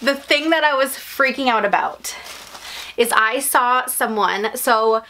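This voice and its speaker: A young woman vlogging an unboxing, chatting to her viewers with gushing, breathless excitement. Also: a little high, measured pace, noisy background.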